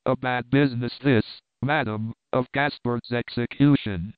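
A man voicing an oily, sinister male spy, smooth and ingratiating, in a storybook reading. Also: mid-range voice, fairly even intonation, unhurried, no echo, close to an everyday voice. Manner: smooth, ingratiating, fishing for confidences. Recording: tinny phone-like audio.

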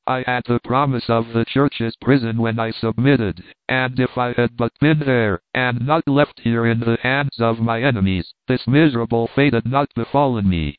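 A man's voice: steady tone, normal speed, hardly any pauses, clean tone, no echo, natural voice. A man voicing a doomed young woman prisoner. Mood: anguished. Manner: low, soft-voiced, rising to anguished pleas. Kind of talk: audiobook dialogue reading. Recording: dry, tinny phone-like sound.

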